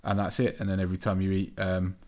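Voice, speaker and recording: A man's voice: low-pitched, completely flat delivery, quick pace, darkish tone. A young man chatting casually as a podcast co-host, laid-back and sweary, trailing off with ums. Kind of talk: casual chat.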